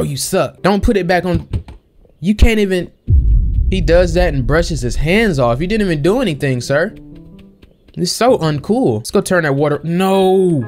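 A young man chats through his gameplay with a lively, swooping voice set a touch high. He talks slang and pleads with the characters on screen, with faint music behind him. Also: normal speed. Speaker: gameplay streamer. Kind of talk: casual let's-play commentary.

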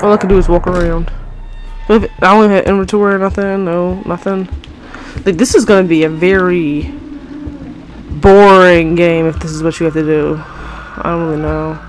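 A woman's voice: on the low side, little pitch movement, normal speed. Young woman playing a scary game, cursing and frustrated, talks to her viewers, music faint in the back. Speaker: gamer. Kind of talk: horror game let's play commentary.

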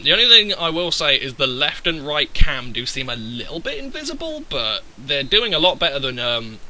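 A young man giving sweary, excitable commentary over a football video game, breaking into loud outbursts and then dropping to low mutters. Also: a little hiss or hum, low-quality recording. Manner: excitable and sweary, yelling at his players. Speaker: gaming YouTuber. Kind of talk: live gameplay commentary.

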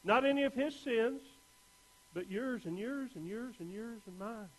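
A male pastor preaching a sermon in an earnest way, moving between hushed and urgent, often repeating words as he restarts phrases. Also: very high-pitched, a little slow, rough recording.

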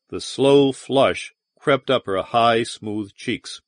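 A man reads an audiobook narration with dramatic expression. His voice moves widely in pitch. The close-miked studio sound is dry. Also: animated, slow pace, few pauses, no room sound.

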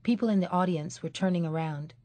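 Low-voiced woman narrating an audiobook. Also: brisk, dark tone, no echo. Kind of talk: scripted narration.

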